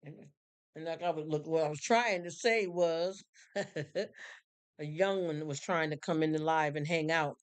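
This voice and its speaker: A woman's voice: deep voice, normal speed, clean tone. A woman hosting a casual livestream, reading viewer comments with effusive, slangy talk and frequent laughter. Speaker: livestream host.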